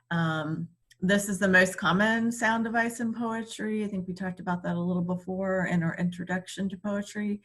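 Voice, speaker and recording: A woman teacher giving a recorded reading lesson, explaining slowly and patiently with frequent ums. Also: lowish voice, fairly bright tone.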